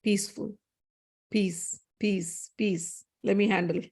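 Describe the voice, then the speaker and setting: A woman voicing a serene, enlightened male sage, speaking calmly and quietly. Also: mid-range voice, a little fast, close to an everyday voice.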